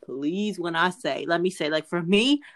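A woman's voice: lowish voice, normal speed, a bit bright. A young adult woman co-hosting a podcast in casual chat, talking earnestly and repeating her pleas. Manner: earnest, pleading, repeats herself. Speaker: podcast co-host.

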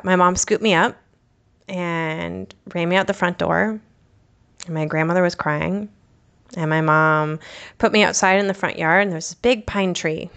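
A young woman from the United States tells a personal story on her podcast, her voice sitting low with a noticeable gravelly fry. She speaks candidly and reflectively, with casual fillers along the way. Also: fairly bright tone. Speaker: podcast host.

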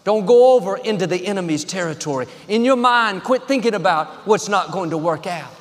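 High-voiced preaching man in a big hall. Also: expressive, brisk. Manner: encouraging, declarative preaching in short rhythmic phrases. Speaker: pastor. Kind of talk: sermon.

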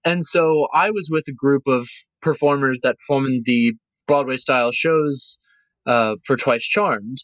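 A man's voice: medium pitch, a little slow, fairly bright tone, no echo, low-quality recording. A man telling a story as a guest on a podcast, casual and emotional, acting out the voices of the people he quotes. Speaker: guest, cruise line cast member.

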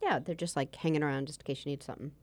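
A woman's voice: low voice, steady tone, a little mellow, dry recording. A middle-aged woman co-hosting a comedy radio show, chatty and easygoing in casual banter. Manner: chatty, easygoing, quick to laugh. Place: radio studio.

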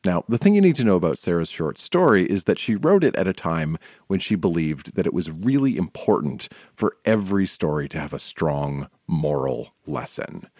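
Male podcast host, very low voice, expressive scripted narration. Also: normal speed, hardly any pauses, no room sound, studio quality.

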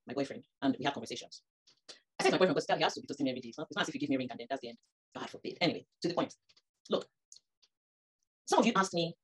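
A woman's voice: low-pitched, husky. A woman, preaching a sermon that rises to emphatic peaks. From Nigeria. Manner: animated, rising to emphatic peaks.

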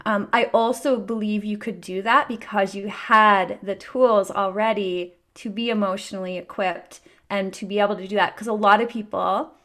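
A woman's voice: medium pitch, fairly bright tone. Chatty encouraging woman podcaster. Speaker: podcast host. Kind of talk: casual chat.

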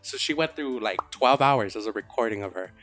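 A man's voice: lowish voice, lively intonation, fairly quick, fairly bright tone, soft background music. A man hosting a podcast, casually retelling a story with lots of swearing and quoted voices. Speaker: podcast host.

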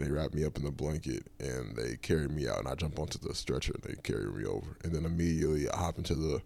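Very deep, gravelly man telling a story. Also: fast, hardly any pauses, dark tone, no echo. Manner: loose, rambling retelling with many fillers. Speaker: podcast host. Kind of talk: casual personal storytelling.

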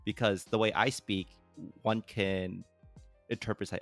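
A man's voice: lowish voice, fairly even intonation, measured pace, fairly bright tone, soft background music. A man in his thirties from San Jose with a Bay Area accent, co-hosting a casual podcast, rambling and restarting his sentences. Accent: Bay Area American. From San Jose, California. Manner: rambling, self-interrupting, laughs easily. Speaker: podcast co-host.

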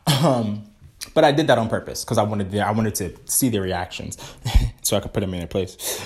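A man hosting a casual solo podcast, rambling and swearing freely, now and then eating while he talks and jumping into high playful tones. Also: normal speed, a little mellow. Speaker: podcast host.

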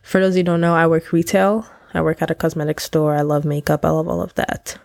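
A woman's voice: deep voice, flat delivery, fairly quick, creaky, darkish tone, dry recording. A young woman from Nigeria hosting her own podcast, chatting casually and candidly with slang and laughter, her voice nasal and congested. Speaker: podcast host. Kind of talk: casual solo podcast chat.

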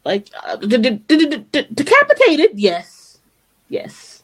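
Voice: high voice, wildly swooping pitch, measured pace, fairly bright tone, slightly rough. A podcast co-host chatting casually about an anime, animatedly retelling scenes and acting out the characters' lines.

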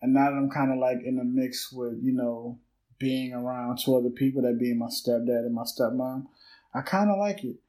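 A man's voice: mid-range voice, moderate pace, dark tone, rough recording. A man, hosting an unscripted solo podcast, talking candidly and reflectively, swearing freely and rambling through his thoughts. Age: 30s. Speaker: podcast host.

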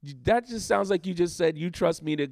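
A man's voice: high voice, brisk, creaky, darkish tone, no echo, clean studio sound. A man, a pastor, talking candidly in a casual church discussion and laughing at himself as he tells stories.

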